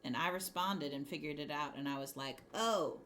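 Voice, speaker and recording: A woman's voice: deep voice, fairly quick, a bit bright, a little hiss or hum. A woman hosting a crafting livestream, chatting casually and rambling while she answers her chat. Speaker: livestream host.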